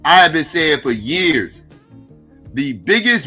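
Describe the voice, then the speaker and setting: A man hosting a livestream, ranting in a loud, mocking, heavily profane way. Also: on the high side, very animated, slow, long pauses, slightly rough, faint music behind. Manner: heavy cursing, mocking, loud bursts. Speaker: livestream host. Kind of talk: profane political rant.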